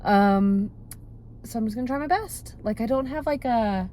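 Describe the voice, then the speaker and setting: A woman's voice: fairly high pitch, normal speed, warm tone, a little hiss or hum. A woman in her thirties chatting casually to a phone camera from her parked car, rambling and self-deprecating with lots of fillers. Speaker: vlogger. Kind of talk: casual vlog chat. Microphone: phone held close.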